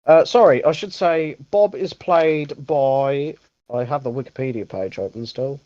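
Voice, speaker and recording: A man's voice: medium pitch, unhurried, mellow, no echo. Rambling man, dull dry mic. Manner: rambling, self-correcting, swears casually. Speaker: podcast host. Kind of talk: casual movie review chat.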